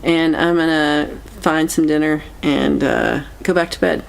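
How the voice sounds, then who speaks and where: A woman hosting a casual livestream chat, meandering and halting as she reacts to viewer comments. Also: low voice, gravelly, slight background noise. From United States. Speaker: livestream host.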